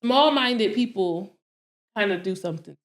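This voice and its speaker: A woman in her thirties co-hosting a casual podcast, telling stories in an animated way, acting out her own quotes and laughing often. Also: mid-range voice, normal speed, reverberant. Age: 30s. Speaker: podcast co-host.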